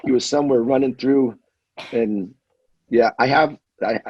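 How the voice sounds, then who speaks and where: A husky middle-pitched man tells a rollicking story with lots of energy. He jumps into other people's voices as he goes, and the dull, lo-fi audio flattens the sound. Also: unhurried. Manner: animated storyteller, acts out voices. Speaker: guest storyteller. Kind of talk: casual anecdote telling.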